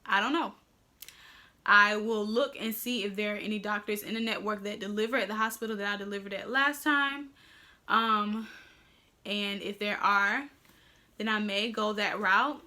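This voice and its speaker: A young woman talks openly and casually to her viewers, calling them y'all. Her voice is bright and forward, pitched in the middle for a woman, and she sounds slightly out of breath as she chats through a home vlog update. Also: fairly even intonation, moderate pace. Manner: chatty, candid, addresses viewers as y'all. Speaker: vlogger.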